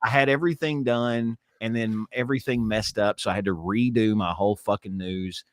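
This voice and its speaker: A man's voice: lowish voice, steady tone, fairly quick, no room sound, studio quality. A man co-hosting a podcast, grumpy and blunt, tired from little sleep, and swearing freely in casual chat. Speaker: podcast co-host.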